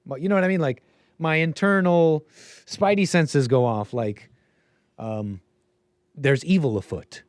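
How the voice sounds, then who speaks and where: A man's voice: a little high, unhurried, long pauses, no room sound, clean studio sound. A man hosting a livestream commentary show, rambling and musing aloud and often trailing off mid-thought. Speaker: show host.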